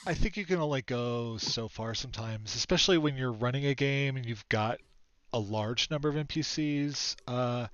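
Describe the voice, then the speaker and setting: A man hosting a casual chat show, laughing often and pausing with fillers. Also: mid-range voice, a bit bright, clean tone, no echo. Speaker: talk show host. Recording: dull lo-fi sound.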